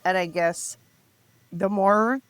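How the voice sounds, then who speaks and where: A middle-aged woman telling her story as a podcast guest, raw and emotional, halting and restarting as she speaks. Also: medium pitch, a bit bright. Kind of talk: candid personal storytelling.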